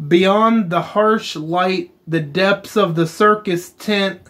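Playing through a game on his channel, a high-pitched man with a fairly bright tone talks casually, reads the on-screen story slowly aloud, and mutters asides to himself.

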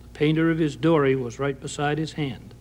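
A man's voice: on the high side, fairly quick, darkish tone. A man from Maine with a Maine accent, reciting a humorous story poem in a dry, folksy way.

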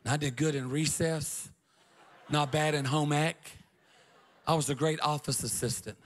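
A middle-aged male pastor, preaching a revival sermon and telling stories in an animated way, often shouting and laughing. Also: on the high side, measured pace.

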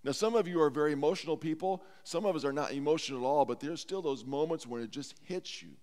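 A man's voice: a little high, fast talker, a little mellow. A man preaching a sermon as pastor, earnest and heartfelt, in a church sanctuary. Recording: long church hall reverb.

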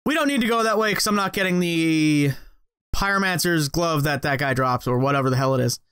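Gameplay commentator, male, high-pitched, profane and jokey, talks straight at game enemies. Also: brisk, a bit bright, clean tone, dry recording, clean studio sound. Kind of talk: let's play commentary.

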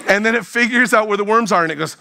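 A man giving a humorous youth sermon to a live audience, playful and animated as he jokes with the crowd. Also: sits high, quick pace, gravelly, a little hiss or hum. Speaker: youth speaker.

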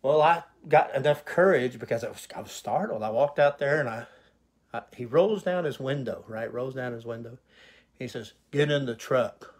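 A man's voice: mid-range voice, animated, normal speed, breathy edge. A male pastor telling his personal testimony, an emotional, vivid retelling full of quoted dialogue.

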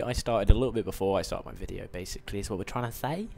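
A man's voice: on the low side, very fast, vocal fry, a little mellow, soft background music. A young man with a put-on American accent, rambling through live game commentary with self-mocking asides. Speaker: gaming commentator.

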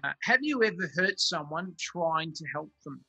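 An Australian man chatting casually on a video call as a comedy co-host, telling quick anecdotes. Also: fairly high pitch, expressive, creaky, bright, forceful tone, slightly rough, no room sound, soft background music, low-quality recording.

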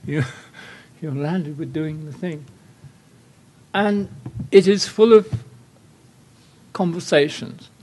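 Wry older Englishman, fairly high voice. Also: takes it slowly, long pauses, darkish tone, slightly rough. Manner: wry, anecdotal, rambling asides. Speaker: guest lecturer. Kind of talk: lecture with slides.

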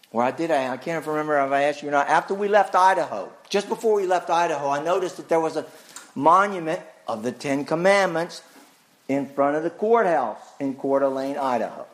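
A male pastor preaching a sermon emphatically, asking rhetorical questions and swinging his pitch widely.

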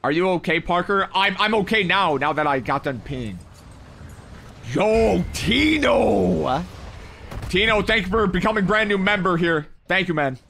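A man's voice: high-pitched, brisk, hardly any pauses, pushed and bright. A young man livestreaming a mobile game, reading his chat aloud with hyped, playful, slangy banter. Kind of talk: live gaming stream, reading chat.

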